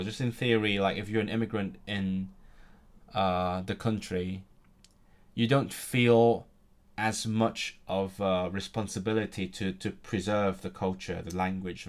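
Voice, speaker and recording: Halting language learner, lowish voice. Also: male voice. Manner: halting, many restarts, searching for words; bursts of excitement about grammar. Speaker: language learner in an online lesson. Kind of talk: casual lesson chat.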